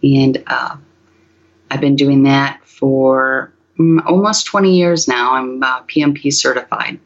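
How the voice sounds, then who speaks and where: A woman guest answering in a measured way with many pauses and fillers. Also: extremely low pitch, fairly even intonation, muffled recording. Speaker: podcast guest. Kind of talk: casual interview chat.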